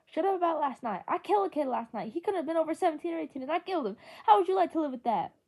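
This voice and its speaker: A woman's voice: medium pitch, expressive, rapid-fire, dark tone, lightly acted. A woman voicing a frightened, guilt-ridden teenage boy who speaks in a trembling, tearful way. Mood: anguished.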